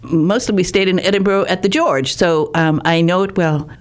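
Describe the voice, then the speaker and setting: A woman's voice: lowish voice, steady tone, moderate pace. A woman host who gushes about her guest, often stumbling and restarting her sentences. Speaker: podcast host. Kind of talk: warm chatty interview.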